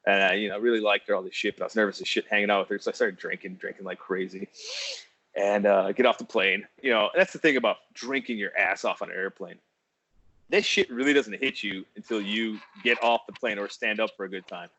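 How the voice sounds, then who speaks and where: A man hosting a podcast, telling a casual story in a profane, animated way and laughing often. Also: fairly low pitch, fairly quick, no echo. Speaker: podcast host. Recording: dull, dry lo-fi podcast audio.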